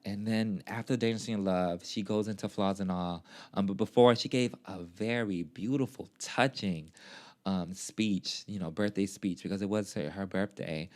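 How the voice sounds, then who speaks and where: A man vlogging a casual recap, telling the story in a gushing, animated way full of fillers and sassy asides. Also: sits low, normal speed.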